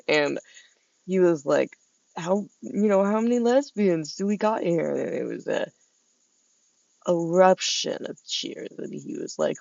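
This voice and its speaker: Outdoors and about to go inside, a vlogger rambles chattily to the camera, talking to themselves and laughing between thoughts. The voice is mid-range, animated, gravelly and a little mellow at a measured pace, captured with lo-fi sound and no echo.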